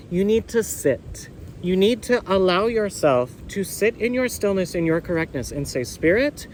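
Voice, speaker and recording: A man giving an excitable, effusive tarot reading outdoors on a windy beach, often repeating words. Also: sits high, normal speed, low-quality recording. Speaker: tarot reader. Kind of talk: casual tarot reading video. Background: wind and faint ambience.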